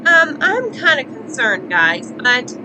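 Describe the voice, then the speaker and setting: A woman's voice: high voice, very animated, slow, background noise, full character voice. A woman voicing a bossy, cheerful young princess who coaxes and teases her friends. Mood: playful. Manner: coaxing, teasing.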